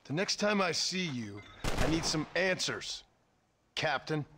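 Curt weary gunslinger. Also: male voice, a little high, very animated, unhurried. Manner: curt, dry. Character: terse weary male gunslinger. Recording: noisy game audio.

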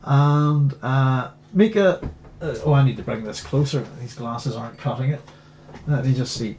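A man's voice: mid-range voice, lively intonation, moderate pace, a little mellow, slight background noise. A man with a Northern Irish accent hosting a live stream, chatting casually and reading viewer comments aloud. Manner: chatty, reads viewer comments aloud and hums between them. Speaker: host.

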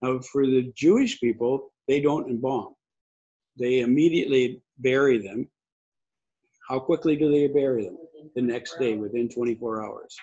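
An older man giving a conversational sermon, husky, rambling and restarting often. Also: medium pitch, moderate pace, mellow. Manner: rambling, many restarts and fillers. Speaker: pastor. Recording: dull lo-fi recording.

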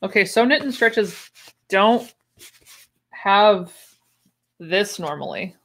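A woman's voice: medium pitch, lively intonation, takes it slowly, a bit bright. A young woman chatting casually on a livestream, with wry asides and easy laughs. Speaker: livestream host unboxing sewing patterns. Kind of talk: casual chat.

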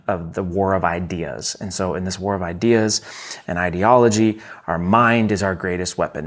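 Low-voiced man rambling through a book review. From United States. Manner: enthusiastic, rambling, many fillers and restarts. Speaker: podcast host reviewing a book. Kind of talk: casual solo book review.

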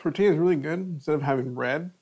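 A middle-aged man hosts a live cooking stream, chatting casually and savoring each bite of food between remarks. His voice is a little high, a little mellow, and husky, and he talks at a quick pace.

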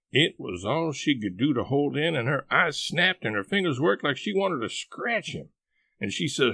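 A man reading a novel aloud, telling it in a folksy dialect with lively storytelling. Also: a little high, moderate pace, dry recording. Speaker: audiobook reader. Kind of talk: scripted narration of a novel.

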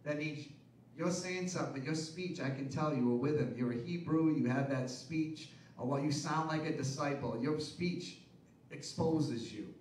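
A man preaching a sermon as pastor, asking the congregation rhetorical questions and building to loud, emphatic peaks. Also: on the high side, roomy sound, far from the mic, slight background noise, rough recording.

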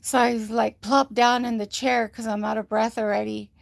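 A woman's voice: fairly high pitch, little pitch movement, normal speed, vocal fry, no room sound, clean studio sound. A woman giving a rambling, casual health update to livestream viewers, often quoting others and using many fillers, a little short of breath. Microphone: phone.

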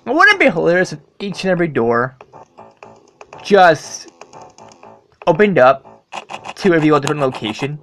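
A gamer commenting casually while playing, excitable and swearing, with loud startled outbursts. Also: medium pitch, normal speed, pauses often, faint music behind. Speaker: let's play gamer.

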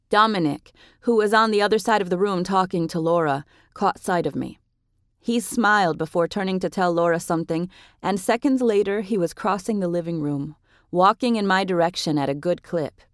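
Woman audiobook narrator, first-person, measured and expressive, slightly low voice, dry booth. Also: no room sound.

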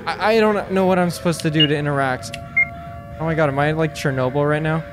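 A man playing a horror game and talking to his viewers. He reads the game text in a hushed voice, then breaks into sudden panicked yelps and nervous jokes. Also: fairly high pitch, steady tone, fairly quick, music in the background. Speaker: gaming streamer.

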